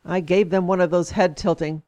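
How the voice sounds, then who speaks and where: Woman giving an expressive read-aloud. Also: fairly low pitch, moderate pace, muffled recording. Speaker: speaker reading an essay aloud. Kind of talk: reading aloud, then commenting.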